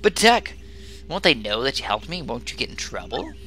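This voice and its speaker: A man's voice: mid-range voice, big pitch swings, normal speed, sharp tone, a little hiss or hum. A man voicing a captured young princess, earnest and alarmed, asking pleading questions. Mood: anxious.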